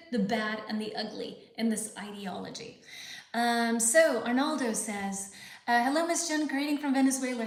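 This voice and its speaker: A woman hosts a casual live lesson, thinking aloud with plenty of fillers and easy laughs. Her voice sits a little high. The room around her sounds echoey. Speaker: English teacher hosting a live lesson. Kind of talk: casual live-stream chat reading viewer comments.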